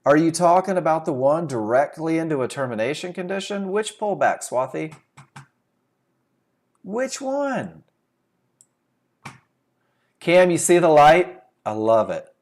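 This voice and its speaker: A man teaches a live trading webinar in a lively, swooping voice that sits a little high. He talks emphatically, asks his listeners questions and then answers them himself. He sounds like he is speaking into a computer microphone. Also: moderate pace, hardly any pauses. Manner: emphatic, rhetorical questions, repeats key phrases. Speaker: trading instructor.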